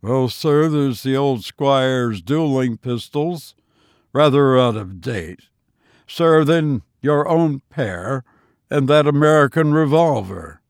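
A man voicing an anxious, polite elderly gamekeeper who speaks slowly and lower than the narration. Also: animated, no echo, studio quality. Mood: deferential. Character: deferential old male gamekeeper.

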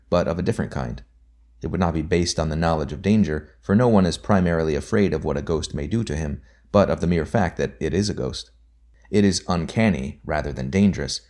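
Male audiobook narrator, very deep register, measured and deliberate nonfiction reading. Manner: measured, deliberate reading that drops softly on quote markers. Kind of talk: scripted reading of a nonfiction book.

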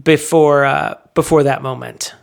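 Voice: medium pitch, steady tone, a little slow, creaky. A podcast co-host in a casual movie discussion, talking in a chatty, digressive way.

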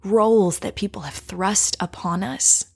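A woman coach telling a personal story and guiding listeners to reflect, speaking softly and slowly and often dropping to a whisper. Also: medium pitch, fairly even intonation, creaky, husky.

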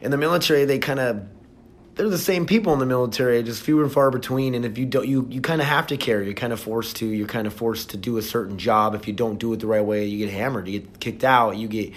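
A man's voice: medium pitch, steady tone, fast. A man hosting his own podcast in casual solo talk, candid and emotional, rambling with restarts and fillers, recorded on a phone inside a treatment facility. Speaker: podcast host. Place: residential treatment facility, indoors.

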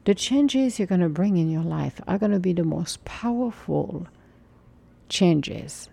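A woman in her forties giving an earnest, encouraging spiritual talk, sometimes sinking into a soft whisper. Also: on the low side, expressive, a little slow, gravelly, slightly rough. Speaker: spiritual motivational speaker. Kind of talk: inspirational monologue.

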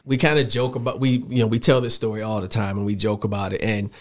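A man's voice: on the low side, fast. A man from Chicago, a football coach guest on a podcast, telling stories casually and acting out the voices of people he quotes. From Chicago, USA. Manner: animated storyteller who acts out quoted dialogue. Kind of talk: casual storytelling interview.

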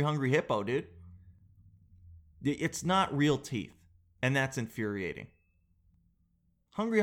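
A man rambles through a casual monologue as the host of a daily show. He jokes and mocks himself as he goes. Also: on the high side. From Canada. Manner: jokey, rambling, self-mocking.

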